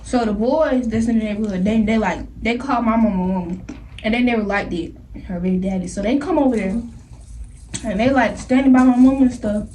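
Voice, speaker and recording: A young woman vlogger telling a story in an animated, slangy way, laughing often. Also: on the high side, a little fast. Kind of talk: storytime vlog. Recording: somewhat distant mic with faint noise.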